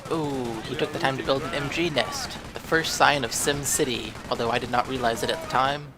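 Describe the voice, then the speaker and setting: A man's voice: mid-range voice, fairly even intonation, brisk, a crowd in the background. A young man casually narrating a strategy game match he recorded, rambling and questioning his own moves as he goes. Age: young adult. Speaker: gaming channel host. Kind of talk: gameplay commentary.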